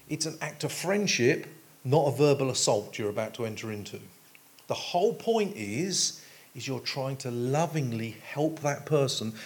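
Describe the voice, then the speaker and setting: A man gives a sermon as a pastor. He talks in a relaxed, conversational way and leans on homely everyday examples to make his points. His voice sits at a middle pitch.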